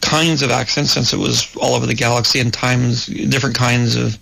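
A man's voice: mid-range voice, little pitch movement, a little fast, gravelly, pushed and bright, slightly rough, rough recording. A man, a filmmaker, talking in casual conversation, thoughtful and repeating words as he thinks.

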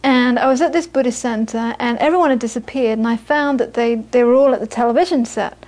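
A woman giving a Buddhist dharma talk, telling lively stories and then speaking softly about inner peace. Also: a little high, brisk. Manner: storytelling, animated when quoting, soft and hushed on inner peace. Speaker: Buddhist teacher.

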